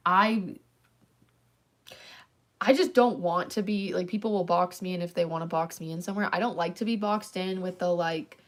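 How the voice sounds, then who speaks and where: A young woman talks loosely to her viewers, her voice sitting a little low for a woman. She wanders from one thought to the next and keeps filling the gaps with "um" and "like". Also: moderate pace. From Canada. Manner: rambling, filler-heavy talk with many likes and ums. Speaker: channel host. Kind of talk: casual livestream chat.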